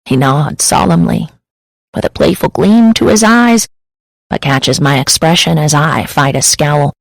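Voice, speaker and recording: Woman narrator for a first-person romance audiobook, intimate and emotive, gravelly texture, dry close studio sound. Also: low voice, a little slow, dry recording, low-quality recording.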